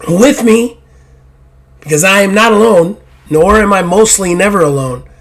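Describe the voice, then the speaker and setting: A hoarse man hosting a gaming podcast, rambling and self-deprecating in casual chat, swearing now and then. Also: sits high, moderate pace. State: hoarse after illness. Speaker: podcast host.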